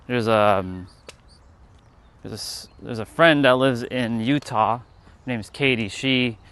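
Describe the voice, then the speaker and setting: A man's voice: medium pitch, a little slow, fairly bright tone, clean tone. A man with a Canadian accent hosting a livestream outdoors on his phone, rambling and thinking aloud as he walks down a city street. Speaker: livestream host. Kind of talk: walking livestream chat.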